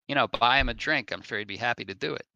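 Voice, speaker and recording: A man's voice: mid-range voice, fast talker, gravelly, sharp tone, no echo, dull audio. A man doing a chatty, helpful bartender.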